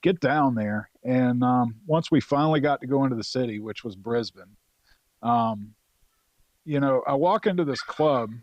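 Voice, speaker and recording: A man's voice: mid-range voice, normal speed, dry recording, highs cut off. A man around forty from North Carolina, a Marine veteran guest telling stories in a loose, profane way with lots of fillers. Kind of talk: casual storytelling.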